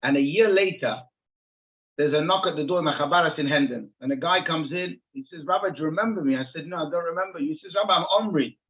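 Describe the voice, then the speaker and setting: A middle-aged man, a rabbi, telling a lively anecdote in an interview and acting out the dialogue. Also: on the high side, quick pace. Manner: animated, acts out dialogue in his anecdote. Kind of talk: storytelling in an interview. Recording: tinny phone-like audio.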